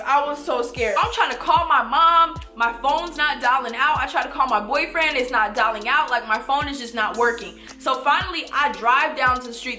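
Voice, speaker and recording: Woman in her twenties, storytime vlog, casual swearing, high pitch, bright tone. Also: reverberant. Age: 20s. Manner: animated, swearing, addresses viewers as y'all and you guys. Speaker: vlogger.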